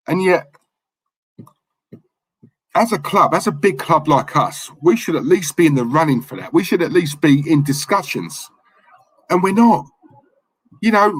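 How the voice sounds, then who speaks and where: A man's voice: a little high, slightly rough, poor audio. A passionate man, co-hosting a live fan stream and ranting from the heart. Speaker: fan channel co-host.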